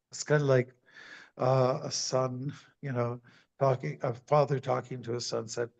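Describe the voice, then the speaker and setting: A man, a monk, giving a scripture class as a sermon in a deliberate way, repeating words for emphasis. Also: a little high, steady tone, creaky, a little mellow, muffled recording. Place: temple.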